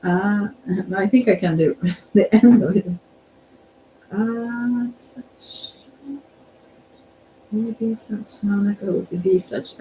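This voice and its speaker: Mantra teacher, slow and unhurried, self-correcting, recorded from a distance with faint hiss. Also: medium pitch. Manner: hesitant, self-correcting, laughs softly, tries out chants. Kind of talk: soft-spoken spiritual instruction.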